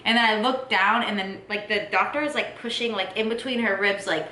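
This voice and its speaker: A woman casually telling a story with her partner, animated and acting out quotes in high squeals. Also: brisk, a little hiss or hum. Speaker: vlogger, partner of the mother. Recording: echoey room.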